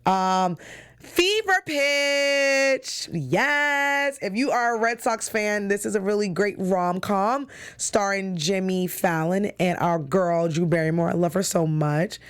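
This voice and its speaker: A woman's voice: medium pitch, steady tone, moderate pace, clean tone. A woman hosting a TV recap show in a casual, chatty and enthusiastic way, with frequent fillers. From New York.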